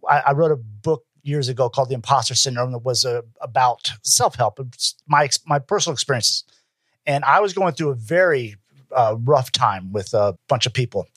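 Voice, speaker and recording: A man hosting an interview podcast, enthusiastic and quick-witted in casual chat. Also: mid-range voice, fairly bright tone, no room sound. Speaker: podcast host.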